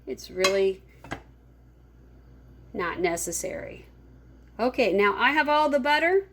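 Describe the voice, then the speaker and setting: A woman teacher showing children how to make popcorn, talking slowly and gently to her class. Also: medium pitch, lively intonation. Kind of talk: classroom cooking demo.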